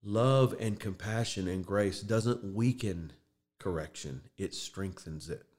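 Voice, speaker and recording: Brief: middle-aged male podcast host, low voice, earnest, choked up at times. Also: slow pace, a little mellow. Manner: earnest, emotional storytelling. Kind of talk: casual faith talk.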